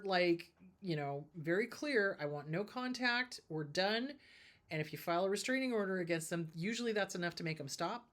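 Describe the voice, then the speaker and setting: A woman therapist hosting a show, giving advice in a casual, emphatic way and repeating her key points. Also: lowish voice. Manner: emphatic and repetitive, drives points home.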